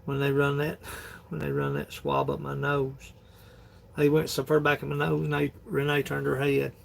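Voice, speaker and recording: A man with a drawl and a deep gravelly rasp rambles folksily through a phone livestream. His voice sits a little high for a man. Faint noise hums in the background. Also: completely flat delivery, normal speed. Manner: folksy, rambling, laughs often. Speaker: livestream host. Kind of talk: casual livestream chat.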